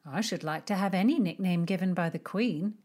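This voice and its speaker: A woman's voice: lowish voice, fairly quick, darkish tone, natural voice. A woman voicing a deferential, gossipy young maidservant in an audiobook. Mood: eager. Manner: deferential, chatty. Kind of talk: audiobook character reading.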